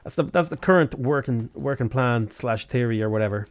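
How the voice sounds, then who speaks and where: Dublin Irish male streamer, casual live commentary, quick to swear at the game. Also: mid-range voice. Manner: chatty, swears freely, bursts of exasperation.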